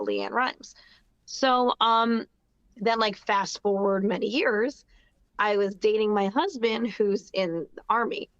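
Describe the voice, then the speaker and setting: A woman's voice: mid-range voice, fairly bright tone, no echo, dull audio. A woman in her thirties from New Jersey, talking in a casual, upbeat interview with lots of fillers and restarts. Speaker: guest singer-songwriter.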